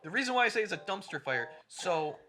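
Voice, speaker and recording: A profane man ranting in a lively voice. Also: high-pitched, quick pace. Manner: profane, ranting movie recap. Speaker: podcast co-host. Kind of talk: casual chat.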